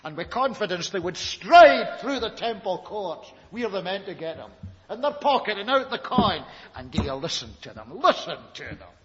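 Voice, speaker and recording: Man preaching, high voice that jumps all over, dramatic with lots of questions, dull old recording in a big echoey hall. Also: very animated, moderate pace, fairly bright tone. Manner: dramatic storytelling with rhetorical questions. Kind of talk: sermon.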